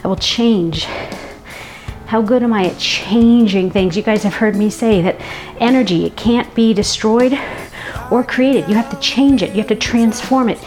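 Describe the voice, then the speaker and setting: A woman preaching a sermon in a reflective, earnest way, breaking into soft laughs now and then. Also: a little high, moderate pace, soft background music.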